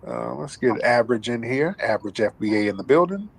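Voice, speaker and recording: A man's voice: mid-range voice, expressive, a little fast, gravelly, husky, rough recording. A man hosting a commentary talk show, talking emphatically and profanely like a preacher. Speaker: host.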